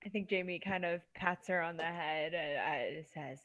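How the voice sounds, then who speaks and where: A woman playing a tabletop baseball game, narrating her character in third person with a giggly, lively delivery. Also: on the low side, moderate pace, few pauses, lo-fi sound, slight background noise. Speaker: player.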